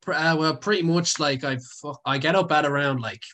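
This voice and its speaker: A young Irish content creator in his young adult years chats as a guest, spinning rambling casual stories heavy on fillers and swearing. He speaks briskly in a slightly high voice with a sharp tone.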